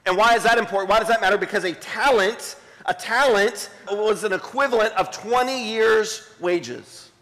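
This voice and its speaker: High-voiced pastor preaching in a reverberant hall. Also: male voice, moderate pace. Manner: dramatic, drops to a hushed voice when reading scripture. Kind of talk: sermon. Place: church sanctuary.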